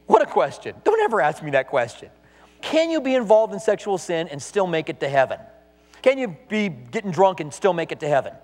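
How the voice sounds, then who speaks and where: A male pastor delivers an emphatic sermon full of rhetorical questions, his voice high and swinging widely in pitch. The sound carries a long reverb from the church hall around him. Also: sing-song, fairly quick, darkish tone.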